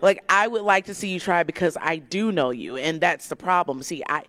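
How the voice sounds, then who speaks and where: A woman's voice: lowish voice, moderate pace, fairly bright tone, no room sound, close to an everyday voice. A woman voicing God as a dry, knowing heavenly father who teases and cheers her on in a stand-up bit. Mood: teasing.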